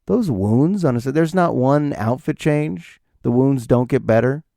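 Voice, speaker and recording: A man's voice: mid-range voice, measured pace, creaky, dark tone, no room sound, clean studio sound. A man hosting his own podcast, rambling jokily through a solo monologue and talking to himself. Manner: rambling, jokey, talks to himself. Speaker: podcast host.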